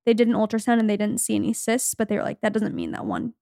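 A woman's voice: mid-range voice, fast, vocal fry, no room sound, studio quality. A woman in her twenties co-hosting a podcast, telling stories in a chatty way and acting out the people she quotes. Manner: chatty storytelling, quoting people in a lively voice. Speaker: podcast co-host. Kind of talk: casual chat.

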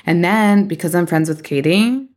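A woman hosting a podcast, telling gossip stories in a chatty, animated way with lots of "like"s. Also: on the low side, moderate pace. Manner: gossipy, animated storytelling with many "like"s and bursts of laughter. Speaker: podcast host. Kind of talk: casual chat.

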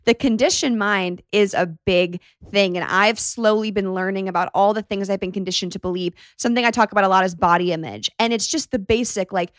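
A woman's voice: medium pitch, brisk, few pauses, no room sound, clean studio sound. A woman hosting a podcast, talking in a candid, reflective and chatty way. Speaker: podcast host. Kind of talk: podcast conversation.

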